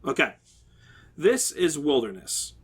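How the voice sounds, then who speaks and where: A man's voice: on the high side, very animated, takes it slowly, slightly rough, exaggerated voice. A man reading as an exasperated game executive. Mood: exasperated, condescending. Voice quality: slightly shaky voice. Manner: condescending, exasperated, sarcastic. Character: irritated male game executive lecturing parents. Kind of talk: reading a horror story aloud.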